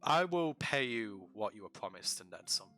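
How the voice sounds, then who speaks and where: A man voicing a stern male town governor, speaking firmly and quietly. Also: fairly low pitch, very animated, normal speed, faint music behind, heavily acted.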